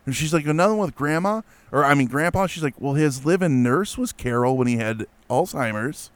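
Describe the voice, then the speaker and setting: Man, mid pitch, smooth clear voice, dry close sound; animated casual storyteller. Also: a little fast, no room sound. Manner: animated, lots of fillers and restarts. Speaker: guest telling a ghost story.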